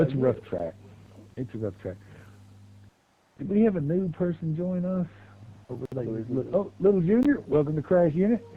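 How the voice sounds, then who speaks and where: A man's voice: on the high side, phone-quality sound. A middle-aged man, hosting a live game stream with laid-back, rambling, folksy talk. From Southwest Virginia, USA. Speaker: streamer and race host. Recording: game car noise behind voice.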